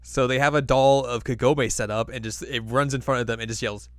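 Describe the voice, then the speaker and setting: A man in a relaxed podcast chat with a mid-range voice and a close, dry sound. He recaps the story between laughs. He often slips into quick silly character voices. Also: mid-range voice, dry recording. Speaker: podcast co-host recapping an anime episode. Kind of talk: casual chat.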